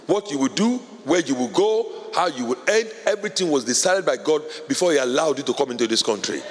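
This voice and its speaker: A male pastor preaching a sermon with fervor, building from quiet, urgent stretches to loud shouted declarations. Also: fairly high pitch, expressive, fairly quick, a little hiss or hum. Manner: fervent preaching, rising to shouts. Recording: long hall reverb.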